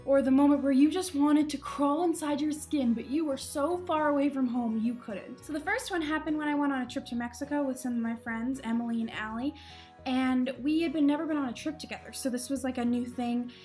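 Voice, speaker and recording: A young woman with a high, bright-pitched voice tells stories about her own mishaps straight to camera, chatty and self-mocking, often breaking into laughter. Soft music plays faintly underneath. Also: a little fast. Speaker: vlogger. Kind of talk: casual storytelling to camera.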